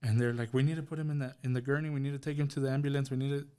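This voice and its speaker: Man telling a painful story, mellow voice. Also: mid-range voice, flat delivery, racing, clean tone. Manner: emotional storytelling, acts out dialogue. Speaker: podcast guest. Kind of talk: personal testimony.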